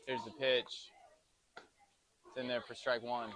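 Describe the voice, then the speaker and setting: A man's voice: mid-range voice, flat delivery, unhurried, background noise. A middle-aged man, a dad doing amateur play-by-play commentary of his son's youth baseball game in a chatty, self-joking announcer manner.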